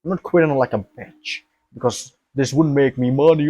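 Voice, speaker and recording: A man's voice: mid-range voice, moderate pace, darkish tone, breathy edge, dry recording. A young man vlogging to his camera, thinking aloud in an emphatic, rambling way, repeating himself and swearing.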